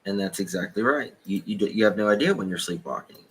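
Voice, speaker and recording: A man's voice: lowish voice, fast, husky. A man hosting a casual livestream from his home office, rambling and repeating himself as he reads chat and talks things through. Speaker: livestream host. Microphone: desk microphone. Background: birds chirping through open window.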